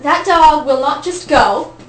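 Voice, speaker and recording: High-voiced woman telling a comic story. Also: lively intonation, unhurried. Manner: chatty, laughs often while telling. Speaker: storyteller at an open mic. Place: event room, audience present. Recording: echoey room, distant noisy mic.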